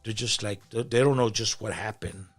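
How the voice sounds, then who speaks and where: A pastor telling his story in a casual interview, animated and slangy as he talks. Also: on the low side, a little fast, breathy edge. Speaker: pastor and podcast guest.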